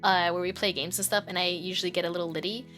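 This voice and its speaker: A woman's voice: fairly low pitch, steady tone, quick pace, fairly bright tone, faint music behind. A woman streamer chatting casually while playing, rambling, giggling often and swearing freely. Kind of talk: casual live-stream chat.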